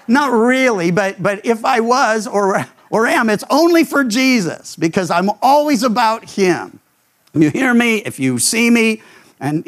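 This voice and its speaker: An older man, a pastor, preaching a radio sermon and telling stories, jumping into higher voices when he quotes people. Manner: animated storyteller, voices quotes with leaps in pitch.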